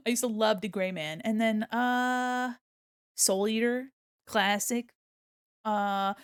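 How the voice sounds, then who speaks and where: A woman's voice: mid-range voice, smooth, no room sound. Woman streamer, young adult, chatty and giggly, close dry desk mic. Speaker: livestreaming illustrator. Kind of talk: casual chat while drawing on stream.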